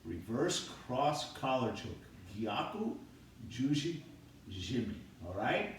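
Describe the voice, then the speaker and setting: Male kids' jiu-jitsu coach, animated step-by-step demo, recorded from far off in an echoey mat room. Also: medium pitch, slow pace, a little hiss or hum. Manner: explains step by step, checks in with "all right?". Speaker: jiu-jitsu instructor for kids. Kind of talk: demonstrating technique for kids. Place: martial arts academy mat room.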